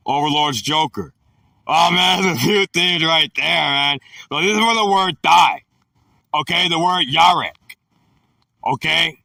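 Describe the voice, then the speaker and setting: A man reading dictionary entries on scripture words and explaining them in loud, slangy bursts. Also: a little high, vocal fry, no room sound, distant mic. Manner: reads definitions slowly, then riffs in loud slangy bursts. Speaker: scripture teacher. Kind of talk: bible word-study talk, reading then explaining.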